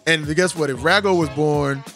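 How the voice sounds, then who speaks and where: This is a Texan man with a Southern drawl and a notably high voice. He rambles through his points with emphasis and plenty of slang. Soft music plays faintly underneath. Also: normal speed. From Austin, Texas. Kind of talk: casual discussion.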